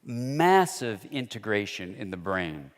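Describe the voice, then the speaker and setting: Very animated yet slow-paced, a man with a fairly low voice delivers a lecture full of anecdotes, playing out quoted dialogue as he tells his stories. The sound has a long hall reverb.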